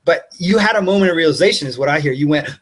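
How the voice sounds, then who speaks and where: Male host coach, breathy voice, a bit high, reflective. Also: lively intonation, very fast. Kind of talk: coaching conversation.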